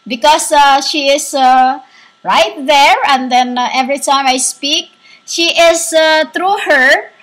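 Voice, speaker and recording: A woman giving a rambling spiritual monologue, halting and searching for words, recorded on a laptop's built-in microphone. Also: high voice, fairly bright tone, rough recording. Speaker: self-styled spiritual speaker.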